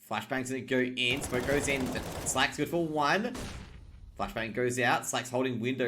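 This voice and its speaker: Fast-calling male esports caster. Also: medium pitch, a bit bright, slight background noise. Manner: rapid call-outs that lift sharply on kills. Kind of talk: play-by-play game commentary.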